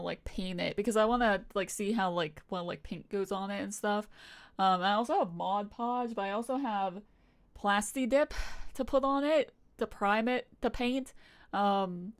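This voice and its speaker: A woman's voice: mid-range voice, clear, resonant tone. A young adult woman streamer chatting casually, rambling with frequent swearing and laughter. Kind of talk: casual live-stream chat.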